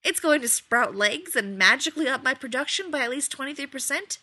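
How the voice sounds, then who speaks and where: A woman's voice: high-pitched, lively intonation, fairly quick, pushed and bright, no room sound, voice pushed up, exaggerated voice. A woman reading the part of a sarcastic, self-important, fretful man elf in a storybook tale. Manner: exasperated, sarcastic.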